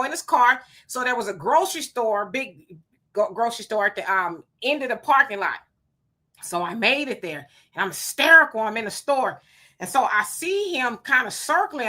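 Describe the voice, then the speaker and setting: Lady live streaming, kinda high and bright voice, animated storyteller, hot and sweaty. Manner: animated storyteller, emphatic and preachy when warning. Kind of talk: live-stream chat reading comments.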